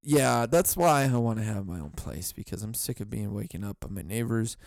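A man's voice: fairly low pitch, lively intonation, normal speed, vocal fry, a little mellow, no echo, studio quality. A young man hosting a solo comedy podcast, telling rambling stories full of swearing. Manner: profane rambling storytelling. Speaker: podcast host.

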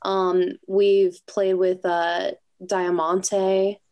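This is a woman musician talking in a relaxed interview. She rambles with plenty of fillers, and laughter keeps breaking into her talk. Her pitch sits in the middle range. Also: extremely slow. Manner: chatty, laughs often, many fillers. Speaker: musician guest. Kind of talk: casual interview chat.

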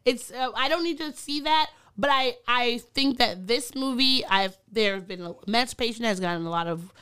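High clear-voiced woman podcast host. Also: normal speed, sharp tone. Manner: chatty, laughs often. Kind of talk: casual chat.

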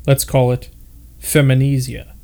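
A man's voice: medium pitch, completely flat delivery, a little slow, gravelly, darkish tone. A man voicing a boastful, scoffing wealthy young explorer in a read-aloud story. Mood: cocky.

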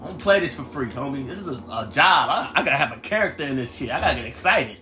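A man streaming a game live, commenting loudly and profanely and trash-talking his teammates in excited bursts. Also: mid-range voice, quick pace, echoey room, background noise.

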